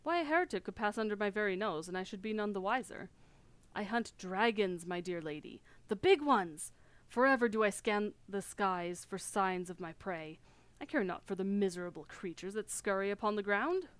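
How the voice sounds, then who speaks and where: A woman's voice: medium pitch, expressive, moderate pace, smooth, no room sound, close to an everyday voice. A woman voicing a haughty male dragon-hunting knight, lofty and dismissive, reading game dialogue aloud.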